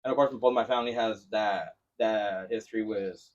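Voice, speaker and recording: A man, a guest on a podcast, telling a story in a lively casual chat with plenty of swearing. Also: fairly low pitch, far from the mic. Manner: fast, animated, profane storytelling. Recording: dull lo-fi sound.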